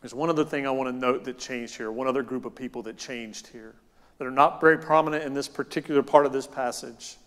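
A man preaching a sermon as pastor, animated, moving between loud emphatic lines and soft, quiet ones. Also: mid-range voice. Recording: long hall reverb.

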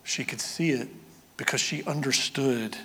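A man preaching a sermon as pastor, moving between loud, excited storytelling and quiet, hushed emphasis. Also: medium pitch, a little slow, slightly rough, big-room sound.

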